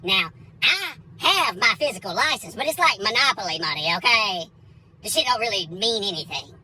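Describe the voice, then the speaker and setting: A comedian telling a crude, animated story and acting out the other people in it. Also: female voice, mid-range voice, normal speed, husky, low-quality recording.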